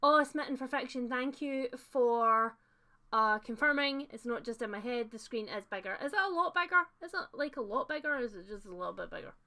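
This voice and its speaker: A young woman hosts a casual livestream, chatting to viewers as she reads their comments. Her voice is bright and fairly light, and she talks in a loose, friendly way with plenty of fillers. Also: a little high, animated, brisk. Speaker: host of a livestream book chat.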